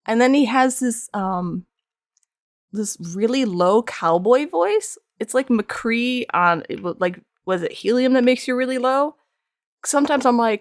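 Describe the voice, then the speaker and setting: Rambling young woman streamer, slightly high. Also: lively intonation, a little slow, dry recording, clean studio sound. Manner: rambling, self-deprecating, laughs often. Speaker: art streamer. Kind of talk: casual stream chat. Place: home streaming setup. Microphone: streaming microphone.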